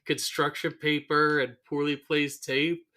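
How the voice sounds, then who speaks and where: A man's voice: fairly high pitch, measured pace. A man co-hosting a podcast, chatting casually about a cartoon episode, acting out quotes and laughing often. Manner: animated, acts out character quotes, laughs often. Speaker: podcast co-host.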